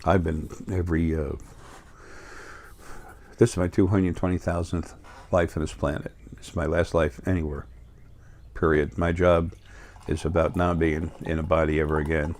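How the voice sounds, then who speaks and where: A man's voice: low-pitched, flat delivery, normal speed, pauses often, darkish tone. A middle-aged man with a New York accent talking in a rambling, casual monologue full of fillers and restarts. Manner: meandering, many fillers and restarts. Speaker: spiritual video host.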